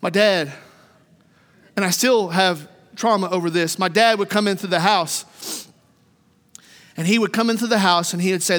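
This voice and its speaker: A middle-aged man preaching a sermon, animated in his storytelling and repeating his phrases. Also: sits high, moderate pace, pauses often. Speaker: pastor. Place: church sanctuary. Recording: long reverb of a church hall.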